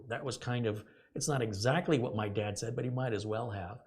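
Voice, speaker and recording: A man's voice: mid-range voice, moderate pace, a little mellow, slightly rough. A middle-aged man hosting a casual live stream, sarcastic and rambling, reading out viewer donations.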